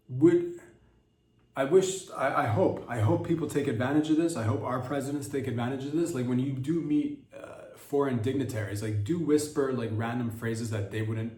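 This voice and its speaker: A man's voice: medium pitch, a little mellow, roomy sound, distant mic. A man hosting a comedy podcast, riffing in a rambling, crude monologue with mock-innocent asides.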